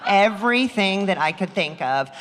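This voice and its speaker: A middle-aged woman minister telling a personal story in a sermon, animated and acting out the voices she quotes. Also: medium pitch, moderate pace, slight background noise. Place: church sanctuary. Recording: long reverb of a large hall.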